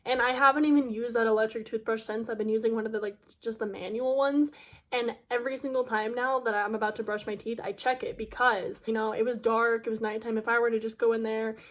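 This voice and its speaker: A woman's voice: a little high, steady tone, quick pace, a bit bright. A young woman YouTuber telling a dramatic storytime to her viewers in a chatty, filler-heavy way. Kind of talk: casual storytime vlog.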